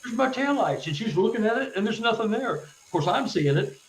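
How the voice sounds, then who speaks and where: Male guest storyteller, halting delivery with stuttered restarts, roomy echoey sound. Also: high voice. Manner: halting, stuttered restarts, animated when retelling events. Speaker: guest, author. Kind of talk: casual storytelling in a live interview.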